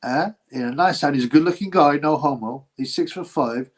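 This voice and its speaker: A man's voice: fairly high pitch, brisk. A man hosting a casual boxing livestream, rambling, slangy and mocking, often laughing as he talks. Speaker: boxing channel host.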